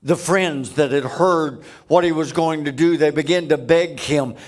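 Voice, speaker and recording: Male preacher, slow and emphatic, storytelling sermon, fairly high voice.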